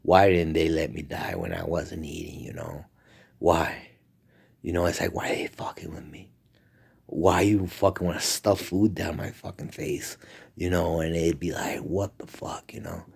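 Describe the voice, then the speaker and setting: Gravelly low-voiced man rambling profanely. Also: animated, measured pace, darkish tone. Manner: profane and rambling, often dropping into a whisper. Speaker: vlogger. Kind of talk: rambling casual monologue.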